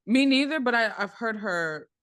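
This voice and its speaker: A woman guest in a casual podcast chat, quick to laugh and react. Her voice runs a bit high and sits close and dry on the mic, with no room around it. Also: animated, a bit bright, dry recording.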